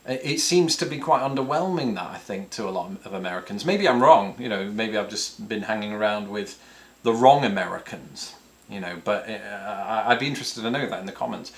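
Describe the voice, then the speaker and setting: A man's voice: fairly low pitch, brisk, vocal fry. Chatty man rambling. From northern England. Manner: rambling, self-deprecating, lots of fillers and restarts. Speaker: YouTube host answering viewer questions. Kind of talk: casual chat. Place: home, with a cat nearby.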